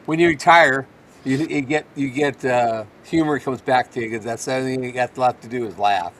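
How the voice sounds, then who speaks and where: A man's voice: mid-range voice, a little fast, fairly bright tone. Older retired man, easygoing casual chat, faint background noise. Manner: easygoing, laughs often. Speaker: livestream co-host.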